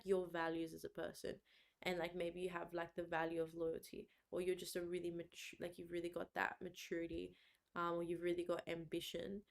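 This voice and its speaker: Chatty young Australian woman lecturing. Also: gravelly. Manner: chatty, uses "like" and "low-key" a lot, laughs between points. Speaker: exam revision presenter. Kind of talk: casual lecture.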